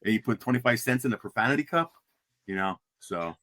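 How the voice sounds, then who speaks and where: A man's voice: mid-range voice, lively intonation, fairly quick, bright, forceful tone, no echo, studio quality. A middle-aged man from Pennsylvania, a former player and guest, telling stories casually with many fillers and restarts. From Pennsylvania coal region. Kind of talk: casual storytelling.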